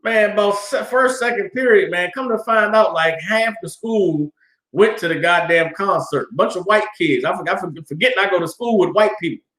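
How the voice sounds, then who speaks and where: A high-pitched man in his thirties tells stories to a class in a loose, colloquial way. He is animated and acts out the voices of the people in his stories. His voice carries a roomy echo. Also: normal speed. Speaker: class speaker. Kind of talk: casual storytelling in a class.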